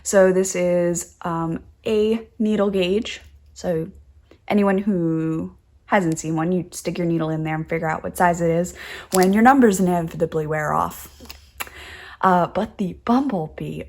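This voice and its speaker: A woman's voice: fairly low pitch, fairly even intonation, measured pace, a little mellow. A young woman hosting a knitting podcast, chatting casually and gushing over crafts she shows. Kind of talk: casual show-and-tell chat.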